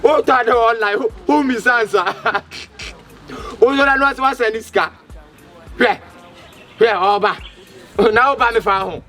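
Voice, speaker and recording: A man's voice: extremely high pitch, unhurried, long pauses, sharp tone, soft background music. A Ghanaian man with a Twi accent in a comedy skit, pleading and stammering with many repetitions. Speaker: comedy skit actor, fake motor rider.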